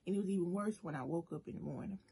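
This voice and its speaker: A woman's voice: on the low side, racing, creaky, a little hiss or hum. A woman food vlogger chatting through a long personal story while she eats, talking straight to her viewers. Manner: chatty, animated storytelling, addresses viewers as y'all. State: emotional at moments, briefly choked up. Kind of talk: casual storytime while eating.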